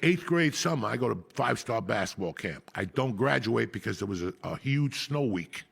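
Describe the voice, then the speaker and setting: A gravelly, husky man spins a profane story with big energy. His voice is rough with plenty of rasp and fry, and he talks like a loud, seasoned storyteller. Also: medium pitch, lively intonation, moderate pace. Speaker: podcast host. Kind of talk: storytelling chat.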